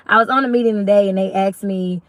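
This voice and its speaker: A woman's voice: fast, no echo. A young woman from Arkansas with a Southern accent, chatting casually and rambling on a live stream as a YouTube host. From Little Rock, Arkansas. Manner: chatty, rambling, faith-filled talk with lively pitch jumps.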